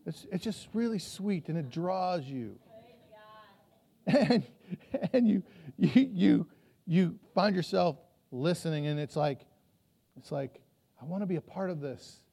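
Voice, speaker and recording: A man's voice: high voice, animated, unhurried, gravelly, long pauses, warm tone. A pastor preaching a sermon to a church, telling the story and acting out voices from it, often repeating his words as he goes.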